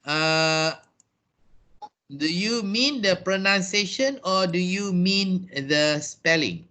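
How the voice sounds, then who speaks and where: A man's voice: high voice, takes it slowly, sharp tone. A man with a Malaysian accent teaching English in a video call class, answering questions patiently and explaining step by step. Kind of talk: online class Q&A.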